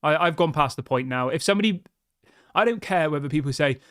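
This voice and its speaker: A football channel host with a rather high, expressive, fairly bright voice talks quickly as he reads viewer comments and fires back frustrated, blunt opinions in a chatty style, often calling people "mate." The tone is clean, studio quality, with no echo.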